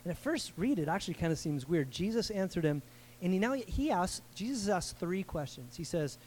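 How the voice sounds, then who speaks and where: High-voiced man preaching casually. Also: fairly quick. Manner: animated, acts out the people in the story; slangy and conversational. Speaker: pastor. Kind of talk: casual sermon.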